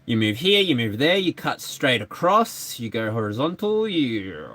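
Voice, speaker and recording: Lively, bright-voiced man reading tarot. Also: mid-range voice, measured pace, no room sound. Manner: animated, playful and chatty. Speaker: tarot reader. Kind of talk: live energy reading.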